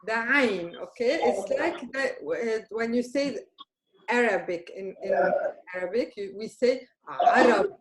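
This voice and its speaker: In a roomy space with faint background noise, a Lebanese woman teaches beginners Arabic. Her voice sits on the high side with lively intonation and a measured pace, and she patiently encourages her learners, checking in with "okay?" all the time.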